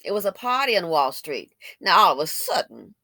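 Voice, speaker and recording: A woman's voice: on the low side, big pitch swings, normal speed, pushed and bright, no room sound. A woman giving opinionated commentary, blunt and colloquial, who repeats phrases for emphasis and fires off rhetorical questions.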